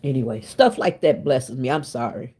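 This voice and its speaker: Chatty husky-voiced woman in her fifties. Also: very deep voice, lively intonation, normal speed, mellow. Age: 50s. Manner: chatty, laughs often, talks straight to viewers. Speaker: channel host. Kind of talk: casual chat to viewers.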